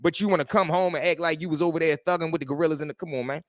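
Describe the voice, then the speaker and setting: A man hosts a livestream story show in animated street talk. His voice sits fairly high for a man. The sound is close and dry. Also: racing, no echo. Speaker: host.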